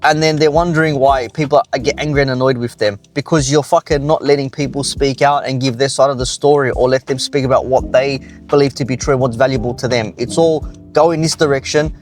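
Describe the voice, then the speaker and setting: A man's voice: medium pitch, fairly even intonation, brisk, darkish tone, soft background music. An Australian man delivering an angry, profane ranting commentary.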